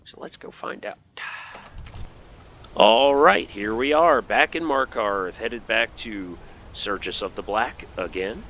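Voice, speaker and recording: A man's voice: on the low side, takes it slowly, a bit bright, highs cut off, a little hiss or hum. A man giving casual, joking commentary over gameplay and talking back to game characters. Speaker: gaming video host.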